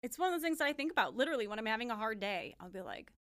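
A woman's voice: a little high, lively intonation, very fast, fairly bright tone. A young woman co-hosting a true-crime podcast, talking casually with friends, laughing often and swearing freely. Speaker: podcast co-host.

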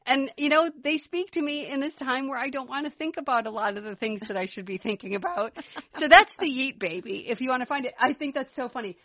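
A woman's voice: high-pitched, a little fast, a bit bright, no room sound. Chatty woman cohosting a podcast, bubbly, dry close sound. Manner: chatty, enthusiastic, laughs while talking. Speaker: podcast co-host. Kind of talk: casual chat.

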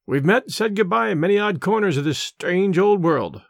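A man's voice: high voice, animated, moderate pace, creaky, no room sound, clean studio sound, full character voice. A man voicing a wry adventurer who teases his friends in a mock-solemn way. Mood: wistful.

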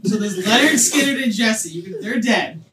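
A young dungeon master narrates a tabletop game in a casual, laughing way, often restarting sentences. The voice sits at a middle pitch. It sounds roomy and distant, with faint background noise. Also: lively intonation, normal speed, a crowd in the background. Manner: laughing, reading rules aloud with restarts. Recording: echoey room, far from the mic.

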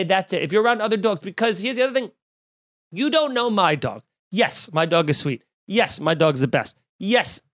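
A man's voice: high-pitched, fairly bright tone, dry recording, clean studio sound. A young man hosting a podcast, delivering a profane, exasperated comedic rant full of fillers and asides. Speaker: podcast host.

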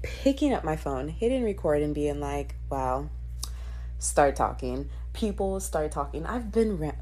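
Young woman vlogger, lively swinging pitch, casual profane chat. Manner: animated, profane, quick to laugh. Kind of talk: casual podcast-style vlog chat.

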